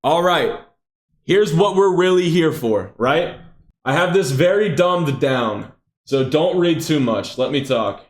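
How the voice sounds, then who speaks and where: Young man, slightly high voice, casual class instructor, blunt, swears a lot, talks straight to students. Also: expressive, slow. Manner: blunt, profane, addresses students directly. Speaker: instructor for aspiring music artists.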